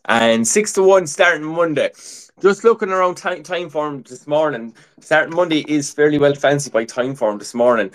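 A man's voice: on the high side, lively intonation, normal speed. A man co-hosting a casual horse racing preview, talking through tips with lots of "look" and "um". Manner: chatty, many fillers like "look" and "um". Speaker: racing tipster co-host.

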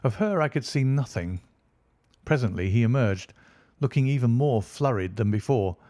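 A man narrating an audiobook in a measured storytelling delivery. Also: mid-range voice, animated, mellow, no echo.

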